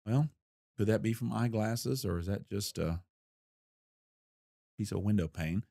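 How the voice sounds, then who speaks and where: A man with a slightly low voice recounts an old investigation in an interview, folksy and plain-spoken. He acts out the people he quotes. The recording is close and dry, with no room echo. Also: darkish tone. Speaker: former federal investigator recounting a case. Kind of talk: storytelling in an interview.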